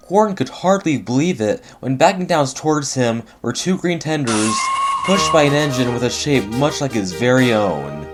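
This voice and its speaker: A man narrating a storybook adaptation in an animated, expressive way. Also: mid-range voice, normal speed, soft background music.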